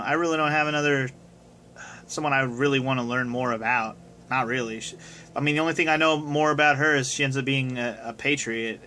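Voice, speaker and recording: A man's voice: mid-range voice, bright, forceful tone, slight background noise. A young man casually answering viewer questions on his video, rambling and swearing now and then. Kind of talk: casual chat. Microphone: phone camera.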